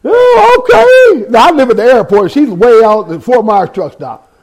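High-voiced man preaching his testimony. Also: expressive, moderate pace, a little mellow, breathy edge. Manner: storytelling with street slang and scripture; repeats words and restarts. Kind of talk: sermon testimony.

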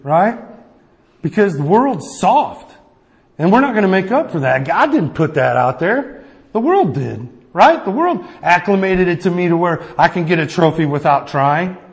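A man preaching a sermon in a casual, conversational way, often checking in with the listeners with a quick "right?". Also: a little high. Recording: long reverb of a hall.

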